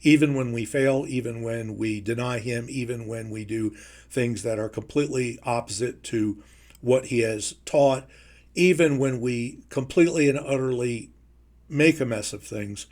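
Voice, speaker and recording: A man teaching a Bible lesson in a measured, emphatic way, slowing down to stress key phrases. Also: mid-range voice, darkish tone. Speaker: preacher.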